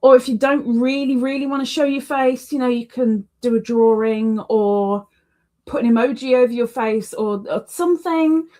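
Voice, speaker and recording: A woman's voice: on the high side, steady tone, moderate pace, mellow. A woman hosting a casual livestream, chatty and repeating words for emphasis. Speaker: livestream host.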